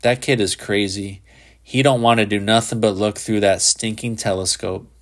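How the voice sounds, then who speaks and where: A man's voice: fairly low pitch, steady tone, normal speed, natural voice. A man voicing a sly, mocking teenage boy with a clubfoot in a storybook reading.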